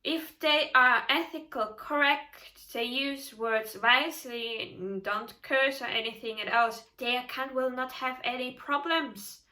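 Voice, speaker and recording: Slow, bright-voiced woman tarot reader. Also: high-pitched. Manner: animated and emphatic, laughs often. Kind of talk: casual vlog advice.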